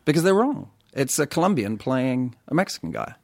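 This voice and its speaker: British man telling lively stories. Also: medium pitch, fairly quick, creaky, dry recording. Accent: British English. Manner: animated storytelling, many restarts, laughs often. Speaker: actor guest. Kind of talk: podcast conversation.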